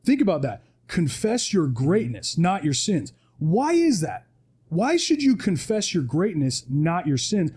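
A podcast guest with a husky, darkish, somewhat high voice lets his pitch swoop wildly while keeping an unhurried pace. In the studio he gives an animated motivational talk, preaching emphatically and often ending his points with "right?"

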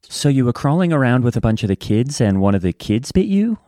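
A man co-host in an improvised comedy interview, asking soft, deadpan questions. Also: medium pitch, fairly quick, no echo, clean studio sound.

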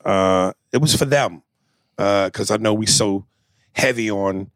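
A man hosting a podcast, chatting casually and reading out a listener email with drawn-out fillers. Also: lowish voice, fairly bright tone, no room sound. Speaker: podcast host.

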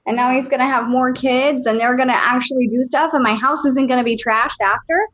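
A woman's voice: sits high, fairly even intonation, a little fast, a bit bright. A woman in an agreeable, joking casual chat as a podcast co-host.

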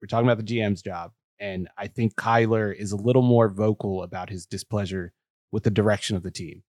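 A man's voice: lowish voice, steady tone, a little fast, darkish tone, no room sound. Man giving blunt sports takes. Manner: dry, blunt analysis. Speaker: podcast host. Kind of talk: casual sports chat.

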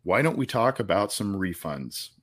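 Low-ish guy hosting a live sports stream, chatty and upbeat. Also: expressive, moderate pace, fairly bright tone, breathy edge. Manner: upbeat, rambling, repeats words. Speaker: podcast host. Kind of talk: casual live-stream chat.

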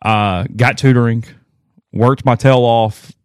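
A man's voice: mid-range voice, steady tone, slow, smooth, no echo, studio quality. A man co-hosting a sports podcast in casual chat, rambling and self-deprecating as he tells stories.

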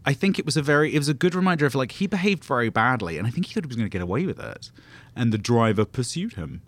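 A man's voice: mid-range voice, big pitch swings, fast, dry recording. A man co-hosting a podcast in casual chat, making wry interjections. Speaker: podcast co-host.

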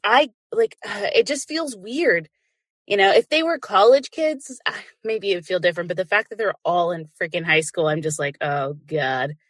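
A woman's voice: medium pitch, fairly bright tone, no room sound. Woman in her 30s, podcast host, congested and stuffy, casual rambling delivery, dry close sound. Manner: chatty, laughs often, many fillers. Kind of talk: casual live chat.

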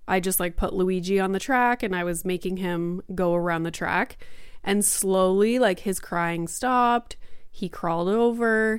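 A woman in her thirties talks through a family story on her solo podcast, loose and chatty with plenty of "like"s. Her voice is smooth and clear, and the recording sounds dry and close to the mic. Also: mid-range voice, no echo. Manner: chatty, many "like"s, acts out quoted exchanges. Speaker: podcast host.

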